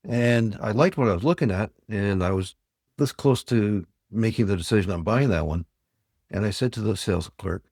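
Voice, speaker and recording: A man's voice: fairly low pitch, brisk, gravelly, a little mellow, breathy edge, no room sound, clean studio sound. An older man from Ontario, Canada, a sales trainer telling plain-spoken customer stories as a podcast guest. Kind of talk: storytelling interview talk.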